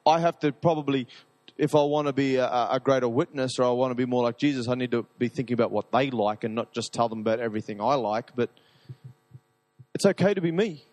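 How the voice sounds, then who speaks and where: A man preaching a sermon to a live audience, talking in an energetic, rambling, enthusiastic way. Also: mid-range voice, quick pace, in a large hall.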